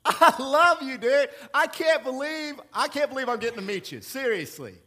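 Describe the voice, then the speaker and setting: A pastor doing the voice of a smooth-talking devil who gushes over his target with hyped-up flattery. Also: very high-pitched, moderate pace, pitched above the performer's own voice, exaggerated voice. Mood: gushing flattery.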